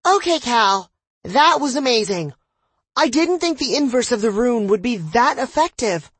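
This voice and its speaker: Excited young mage woman, put on by a man; pitched way up, distant. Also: normal speed, husky, no echo, exaggerated voice.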